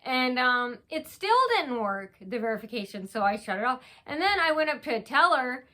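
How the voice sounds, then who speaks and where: A woman vlogger tells a long story in a loose, rambling way, full of restarts and acted-out quotes. Her voice is bright and sits a little high. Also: expressive. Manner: talks fast, with many restarts and acted quotes.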